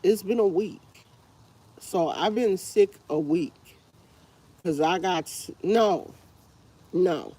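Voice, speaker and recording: Slow-talking stuffy-nosed woman. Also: lowish voice, warm tone, breathy edge. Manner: rambling, tired and fed up. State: congested, stuffy nose. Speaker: livestream host. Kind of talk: casual live chat with viewers.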